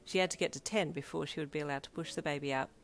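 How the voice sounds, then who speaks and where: Low-voiced woman narrating a story. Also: steady tone, very fast. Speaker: fanfiction narrator. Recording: soft lofi piano behind.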